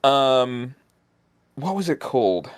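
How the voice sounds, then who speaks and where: A man's voice: mid-range voice, takes it slowly, clear, resonant tone, no room sound. A man casually telling a long story on a stream, animatedly acting out the people he met. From outside the United States. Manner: animated, acts out other people's voices in anecdotes. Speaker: guest.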